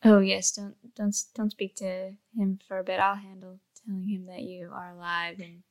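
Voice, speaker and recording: A woman's voice: mid-range voice, level tone, normal speed. A woman narrating a tabletop game as game master, laughing often between lines.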